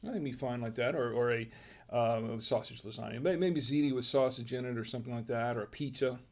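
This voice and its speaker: A man's voice: mid-range voice, quick pace, a little mellow. A man hosting a casual wine tasting livestream, musing aloud in a hesitant, chatty way. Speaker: wine review show host.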